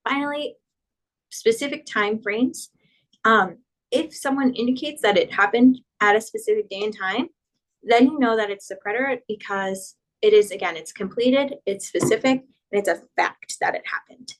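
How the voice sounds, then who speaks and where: A woman teaching a Spanish grammar lesson, patiently spelling out verb endings and slowing down for each example. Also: fairly high pitch, rough recording.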